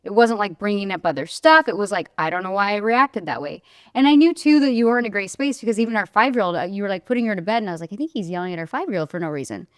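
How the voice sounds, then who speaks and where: A woman's voice: medium pitch, expressive, very fast, no echo, studio quality. A woman in her forties co-hosting a podcast, telling a domestic story in a candid chat and acting out both sides. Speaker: podcast co-host.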